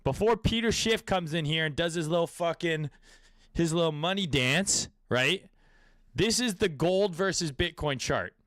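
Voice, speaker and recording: Male crypto host, raised pitch, dry close sound, crude riffing delivery. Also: lively intonation, a little slow, a bit bright, no echo. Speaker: crypto trading commentator. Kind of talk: casual market commentary.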